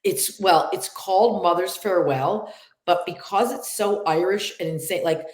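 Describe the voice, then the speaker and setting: A middle-aged actress with a nasal upstate New York accent, chatting in an interview and acting out little quotes. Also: female voice, lowish voice, normal speed, echoey room. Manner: chatty, laughs often, acts out quotes. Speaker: actress guest. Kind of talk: casual interview chat.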